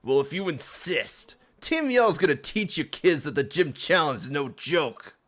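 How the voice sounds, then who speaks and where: A man's voice: a little high, sing-song, unhurried, a bit bright. A man putting on a cocky British gang thug. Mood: taunting. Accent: put-on British, rough. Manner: taunting, swaggering. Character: brash male street-gang thug, cocky and mocking.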